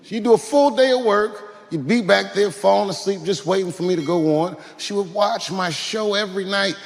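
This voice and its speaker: A man's voice: sits high, moderate pace, vocal fry. Reflective man speaking in a reverberant hall. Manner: reflective, addressing his mother directly. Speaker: comedian. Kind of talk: heartfelt stage speech. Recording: live venue with long reverb.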